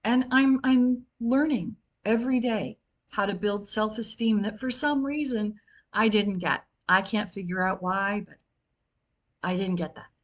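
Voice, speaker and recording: A woman's voice: mid-range voice, measured pace, dull audio. A woman in her fifties giving an informal wellness talk, chatty, with frequent fillers and restarts. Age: 50s. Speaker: wellness coach. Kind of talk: informal talk on self-help.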